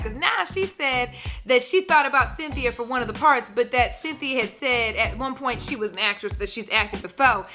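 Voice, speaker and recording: A woman's voice: sits high, bright, forceful tone. A woman casually recapping a reality show episode in a brash, sassy, profane way, acting out the cast's lines. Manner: brash, sassy, swearing, acts out quotes.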